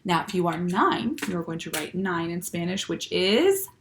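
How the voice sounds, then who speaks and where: A woman teacher walks young children through a lesson in a patient, clear voice. She pauses often to check that they follow. Her voice sits a little low. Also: sing-song, background noise. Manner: patient, slow and clear, with many "okay?" checks. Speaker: Spanish teacher.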